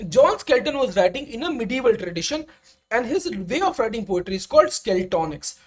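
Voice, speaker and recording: A woman's voice: on the high side, big pitch swings, fairly quick. A young woman teaching a live online exam-prep lecture, checking in with "right?" as she goes.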